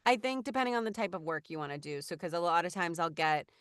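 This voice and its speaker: A woman's voice: fairly low pitch, lively intonation, fast, a bit bright, clean tone, no echo, clean studio sound. A woman in her thirties, a voice actor, chatting casually in an interview with many fillers and restarts. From Los Angeles. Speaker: voice actor guest.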